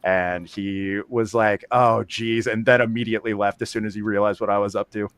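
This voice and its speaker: A man's voice: lowish voice, level tone, brisk, smooth. A man casting a live card game tournament, giving easygoing player rundowns. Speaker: caster.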